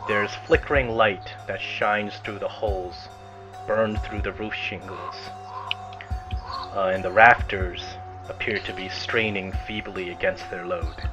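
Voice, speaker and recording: A man's voice: fairly low pitch, fairly even intonation, a little slow. Man narrating a tabletop game. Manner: descriptive, frequent "uh" fillers. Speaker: game master. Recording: lo-fi recording with faint music.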